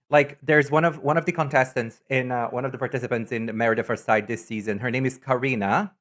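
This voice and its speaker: A woman streamer in casual live-stream chat, talkative and teasing, answering chat messages with sudden high, loud exclamations. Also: steady tone, a little fast, hardly any pauses. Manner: chatty, reacts to chat messages with loud teasing jumps in pitch.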